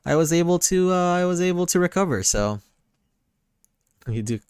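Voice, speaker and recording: A man's voice: high voice, expressive, normal speed, darkish tone, smooth, no echo. A man hosting a late-night storytime stream, chatting in an easygoing, self-deprecating way. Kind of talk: casual livestream chat.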